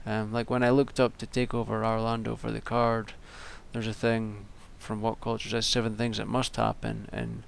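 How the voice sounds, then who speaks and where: Rambling young man with gravelly voice. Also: mid-range voice. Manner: rambling, frequent ums and restarts. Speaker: wrestling vlogger. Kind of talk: casual solo commentary.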